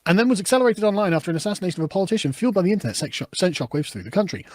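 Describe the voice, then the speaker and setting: A man commenting on news clips in a sarcastic, swearing, animated rant. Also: high-pitched, no room sound, clean studio sound. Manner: fast, animated, sarcastic, swears and laughs often. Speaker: political commentator.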